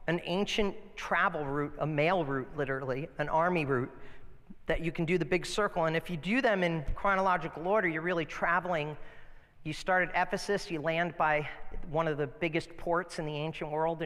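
Chatty pastor preaching in a reverberant hall. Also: male voice, a little high. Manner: conversational, animated storytelling with restarts. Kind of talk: sermon. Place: church sanctuary. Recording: church hall with long reverb.

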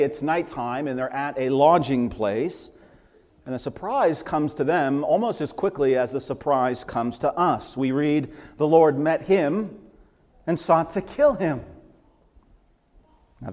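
A man's voice: medium pitch, darkish tone. Man preaching in a reverberant church. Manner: conversational, with asides and light humor. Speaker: pastor. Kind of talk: sermon. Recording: long hall reverb.

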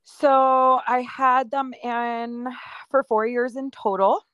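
A woman guest talks openly about her own experience in a relaxed chat. She laughs easily, and her voice sounds dry and close, with no room echo. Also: a little high, takes it slowly, clean tone, dull audio. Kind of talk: casual chat.

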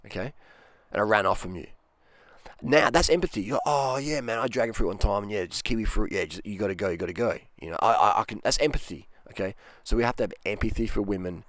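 A man's voice: lowish voice, no echo. Blunt rambling man. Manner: rambling, blunt, acts out quoted voices. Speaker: dating advice talker. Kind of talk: casual monologue to camera.

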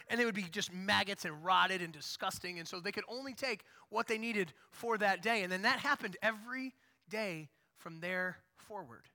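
Guy preaching, casual animated storyteller, high bright voice, big echoey hall. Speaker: pastor. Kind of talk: sermon. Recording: long hall reverb.

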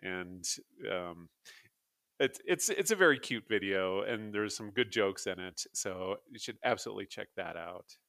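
A man's voice: sits low, lively intonation, moderate pace, bright, forceful tone, dry recording, clean studio sound. A man co-hosting a casual podcast, chatting loosely with fillers and laughing easily. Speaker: podcast co-host. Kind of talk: casual chat.

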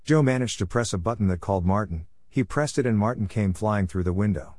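Low-voiced man reading his story aloud. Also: fairly quick, a little mellow, dry recording, clean studio sound.

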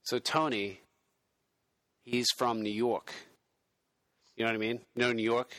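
Man, mid-pitched, excitable, profane, improvised comedy pitch, dry close sound. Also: measured pace, no echo. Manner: excitable, swears a lot, pitching ideas.

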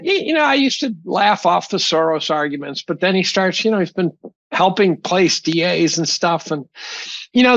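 A man's voice: on the high side, vocal fry, fairly bright tone, no echo, lo-fi sound. A man guest in an interview, a professor talking bluntly and emphatically, often restarting his sentences. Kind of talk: opinionated conversational interview.

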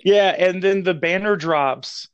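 A man's voice: high-pitched, unhurried, clear, resonant tone, no echo. A man telling stories at length on a podcast, with many fillers and restarts. His mic sounds muffled and lo-fi, and the recording is dry and close. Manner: rambling, full of fillers, laughs. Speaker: podcast co-host. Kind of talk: casual chat.

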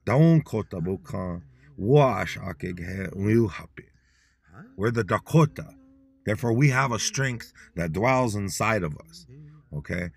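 On a podcast, a man teaches Dakota vocabulary in a laid-back, encouraging way, his voice on the low side, expressive, gravelly and slightly rough. He speaks plainly with plenty of slang and slowly repeats each word for the audience to echo.

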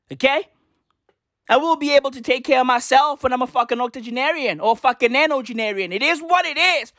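A woman rants for laughs in a fairly high voice that swoops all over the place, stacking slang on swearing with emphatic insistence. The sound is dry and close, with no room around it. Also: fairly bright tone, no echo. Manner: slang-heavy, profane, emphatic. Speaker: comedic ranter. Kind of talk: comedic vlog rant.

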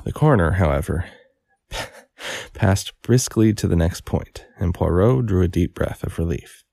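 A man's voice: low-pitched, lively intonation, gravelly, mellow, no echo. A man reading a mystery novel aloud, stopping to correct himself and chat about the text. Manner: pauses to correct and comment on his reading. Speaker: audiobook reader. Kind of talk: casual read-aloud with commentary.

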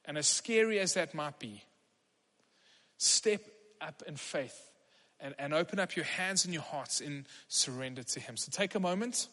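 Male pastor, earnest sermon, unhurried delivery, reverberant church hall. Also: a little high, lively intonation, bright, forceful tone. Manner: earnest, encouraging, leads the congregation in prayer.

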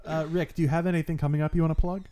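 A man's voice: on the high side, rapid-fire. A man co-hosting a comedy podcast, chiming in with wry quips. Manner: wry quips, lively intonation. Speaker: podcast co-host. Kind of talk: casual podcast banter.

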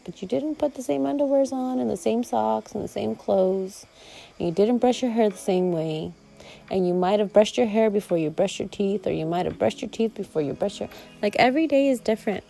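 A woman's voice: medium pitch, creaky, warm tone, rough recording. A woman vlogger talking casually and reflectively to her viewers, rambling a little and laughing now and then. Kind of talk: casual heartfelt monologue to viewers.

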